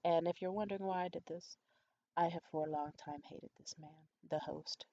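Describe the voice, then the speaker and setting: A woman's voice: fairly even intonation, moderate pace, muffled recording, slight background noise. A young adult woman vlogger telling a candid, profane story in a conspiratorial way. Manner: acts out quoted voices high and loud. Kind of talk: storytime vlog.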